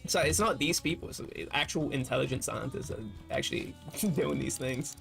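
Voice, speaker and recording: A man's voice: medium pitch, normal speed, gravelly, fairly bright tone, faint music behind. A man streaming while gaming, thinking aloud in loose, rambling casual chat with frequent swearing. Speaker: livestreamer.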